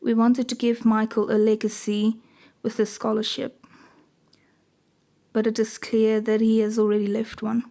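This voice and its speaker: A woman's voice: on the high side, monotone, normal speed, pauses often, warm tone, natural voice. A woman voicing a grieving mother who gives a memorial speech, reading it in a plain, earnest way. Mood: solemn.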